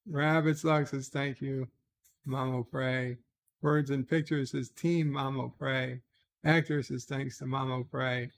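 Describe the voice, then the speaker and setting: A man's voice: medium pitch, little pitch movement, slow, creaky. A man hosting a casual livestream, reading viewer comments aloud and answering each with short asides. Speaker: livestream host.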